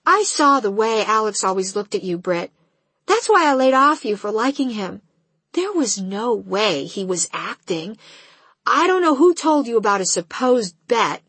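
A woman doing a sassy, high bubbly teen girl. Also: sing-song, a little slow, a bit bright, slightly rough, no room sound, exaggerated voice. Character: bubbly, blunt teenage best friend girl.

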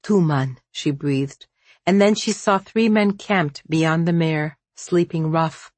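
A woman reading a novel aloud in scripted audiobook narration, slow and measured, with a lowish voice. Recorded close and dry, with no room sound. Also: no room sound.

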